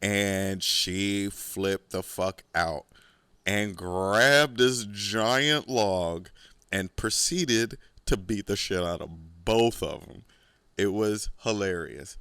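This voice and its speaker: Low, smooth man spinning profane stories. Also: very slow, sharp tone, dry recording. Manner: rambling, profane, laid-back. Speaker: podcast host. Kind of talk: casual storytelling.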